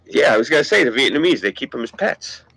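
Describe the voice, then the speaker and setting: Bright, lively man telling rambling stories. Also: mid-range voice, fast talker, slight background noise, low-quality recording. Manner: rambling anecdotes with profanity and acted-out quotes. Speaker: podcast co-host. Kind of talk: casual storytelling chat.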